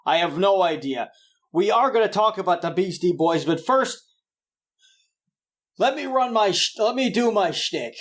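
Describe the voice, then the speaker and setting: A man's voice: high voice, lively intonation, unhurried, long pauses. A young man hosting a podcast in a rambling, jokey, self-deprecating way. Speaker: podcast host. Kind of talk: casual podcast chat.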